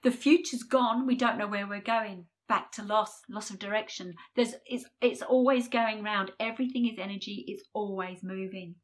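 A woman giving a personal numerology forecast to camera, talking earnestly and openly emotional, with pauses. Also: mid-range voice. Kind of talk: personal spiritual talk to camera.

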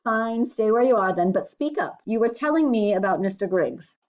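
A woman reading the part of a brisk, curious doctor whose voice is hoarse and husky, asking quick questions. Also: mid-range voice, lively intonation, a little mellow, pitched above the performer's own voice, natural voice. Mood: questioning. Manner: brisk, questioning, kindly commanding. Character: British country doctor, middle-aged man, brisk and curious. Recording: slightly dull lo-fi recording.

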